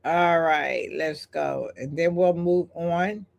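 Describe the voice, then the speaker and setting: A woman's voice: deep voice, takes it slowly, gravelly, a little mellow. An older woman hosting a live stream, talking in an emphatic, repetitive, preacher-like cadence and breaking off for chatty asides while she reads the chat. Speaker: host. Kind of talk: live-stream talk reading chat comments.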